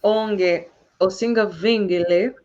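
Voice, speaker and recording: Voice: mid-range voice, steady tone, slow, a little mellow, lo-fi sound. A student in an online language lesson reading practice phrases aloud, a little tentative.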